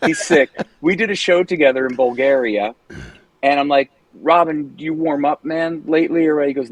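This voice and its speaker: A man's voice: a little high, moderate pace, noisy background. A man speaking as the guest in a casual interview, telling stories, swearing freely and laughing often. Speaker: guest singer.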